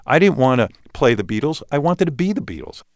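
A man with a mid-range voice, speaking a little fast, is heard at studio quality with no room sound. This sixty-something New York radio host, interviewed as a guest, tells animated stories in casual talk and restarts repeatedly.

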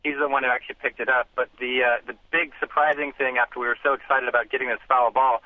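A man's voice: mid-range voice, level tone, fast talker. A man calling in to a radio show, telling a story hesitantly with many fillers. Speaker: caller. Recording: phone line.

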